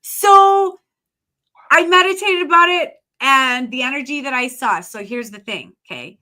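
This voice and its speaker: A woman with a bright, higher voice talks in a casual podcast chat. She tells her stories with animation and acts out the voices of the people she quotes. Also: a little slow. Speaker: guest psychic.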